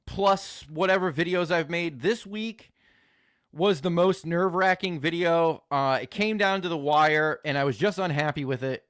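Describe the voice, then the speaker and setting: A man with a slightly high, fairly bright voice hosts a live stream, reacting to videos and chatting with viewers. He's crude, joking and rambling, swearing often. The audio is studio quality with no echo.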